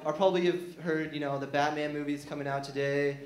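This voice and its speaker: On a small theater stage, a young comedian rambles through a self-deprecating routine packed with fillers and restarts. His voice sits on the high side, steady in tone and fairly quick, and the echoey room carries crowd noise.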